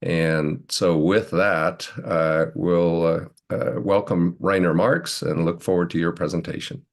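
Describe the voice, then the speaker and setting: Deep-voiced man hosting a webinar. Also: fairly even intonation, slow pace, gravelly. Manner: hesitant, many fillers. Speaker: webinar host. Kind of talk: introducing a speaker.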